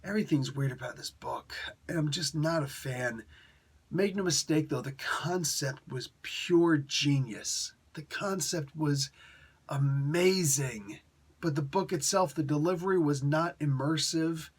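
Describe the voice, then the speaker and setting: A man's voice: a little high, unhurried, husky. A man giving a casual, rambling spoken review of a comic book, chuckling often and correcting himself as he goes. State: in pain.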